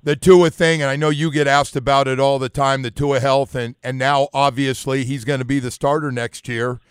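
A man hosting a radio sports show, asking his co-host long, lively questions in casual chat. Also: mid-range voice, moderate pace, clear, resonant tone, no room sound, studio quality.

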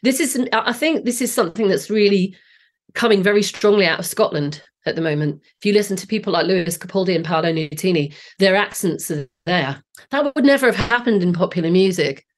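In this podcast interview, a woman in her late forties from Southeast England, with the accent to match, appears as a guest singing teacher. Her mid-range voice is expressive and fairly quick, though a bit off today, as she explains her ideas enthusiastically with frequent restarts.

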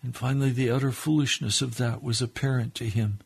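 Radio preacher, male, husky and gravelly, fervent pleading prayer delivery. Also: mid-range voice, steady tone, a little fast. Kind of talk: sermon prayer.

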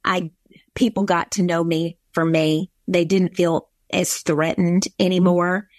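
A woman's voice: on the low side, level tone, a little slow, dry recording, clean studio sound. A woman with a Southern accent from Georgia, earnestly telling a personal story on a talk show.

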